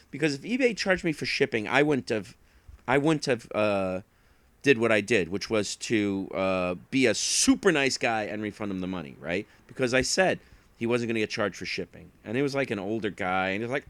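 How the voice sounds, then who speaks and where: A man's voice: mid-range voice, animated, normal speed, a bit bright, dry recording. A man talking casually about his resales in a mid-range voice, recorded dry and close. He rambles, restarts and slips into little acted-out quotes as he tells each story. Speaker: online reseller. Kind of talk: casual chat.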